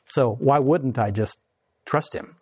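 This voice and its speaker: A man's voice: medium pitch, a little mellow, breathy edge. A man in his forties giving a casual, conversational sermon and chuckling between points. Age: 40s. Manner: conversational, chuckling, slows down to read scripture. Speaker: preacher.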